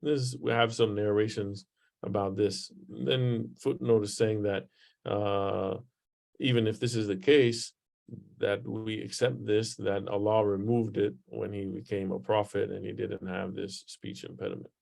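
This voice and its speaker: A man's voice: lowish voice, level tone, measured pace, vocal fry, darkish tone. A man teaching a religious lesson in a conversational way, reading passages aloud from a book and explaining them with many fillers.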